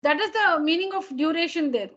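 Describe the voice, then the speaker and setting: A woman with a high voice teaches an online class over a dull, lo-fi call line. She speaks patiently and keeps restating her points so that everyone follows. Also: lively intonation, fairly quick, a bit bright. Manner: patient, repeats and rephrases points. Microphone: computer mic on a video call.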